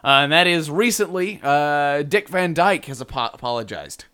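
A man's voice: fairly high pitch, expressive, moderate pace, bright, forceful tone, clean tone. A man co-hosting a casual podcast, reading news items aloud and joking, laughing often. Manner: jokey, laughs often, reads quotes aloud. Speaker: podcast co-host.

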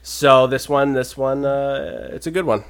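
A man co-hosting a casual talk show, telling an odd news story with animated delivery. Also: medium pitch, unhurried, clear, resonant tone. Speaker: podcast co-host. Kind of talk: casual chat, reading news stories.

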